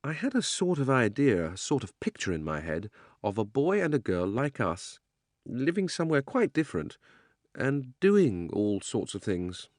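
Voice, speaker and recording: A man reading an audiobook, voicing a dreamy young girl with a high, airy, lilting voice. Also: very animated, normal speed, dry recording, studio quality, close to an everyday voice. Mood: wondering. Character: dreamy young girl, curious then anxious.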